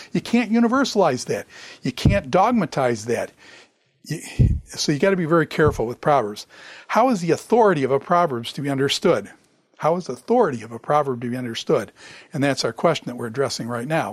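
Guy lecturing on the bible, kinda high voice, lively, dry close sound. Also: slightly rough, dry recording. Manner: animated, sarcastic asides, chuckles.

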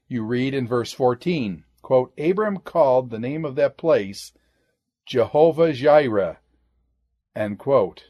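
A man's voice: lively intonation, takes it slowly, dark tone, highs cut off. A man teaching a Bible study lecture in a methodical way, marking each citation with "quote" and "end quote" and dropping his voice at each close. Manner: drops pitch and volume on each "end quote".

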